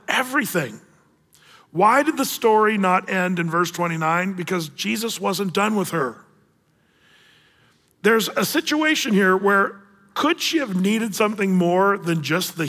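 A man preaching a sermon as pastor, animated and acting out the voices of the people in the story. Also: high voice, big-room sound.

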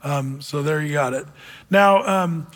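A pastor preaches a casual sermon to a men's group, reading scripture aloud in old-fashioned wording. His voice is a little high and a little slow, with a long hall reverb on the recording.

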